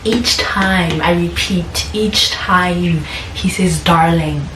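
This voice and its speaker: A woman's voice: lowish voice, drawn-out words. A young woman chatting casually to camera about a book, gushing and filling her talk with likes and ums. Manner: gushing, chatty, lots of fillers. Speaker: booktuber. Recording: echoey room with background noise.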